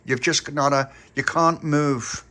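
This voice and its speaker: A man's voice: a little high, steady tone, takes it slowly, pushed and bright, pitched above the performer's own voice. A man voicing a bossy young boy who leads a gang and lays down the rules.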